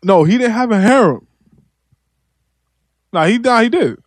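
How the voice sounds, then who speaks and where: A man's voice: very high voice, animated, a little slow, no echo, studio quality. A man in a casual chat among friends, blunt and laughing often.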